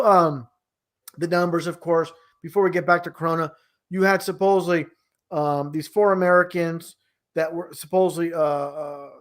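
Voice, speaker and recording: A guest with a voice that sits high and a bit bright chats casually for a long stretch. He rambles, restarts many times, and sounds incredulous.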